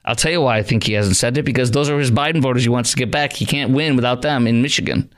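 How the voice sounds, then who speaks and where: A middle-aged Chicago man hosts a call-in talk radio show, sounding indignant and firing off rhetorical questions. His voice is mid-range and his pace quick.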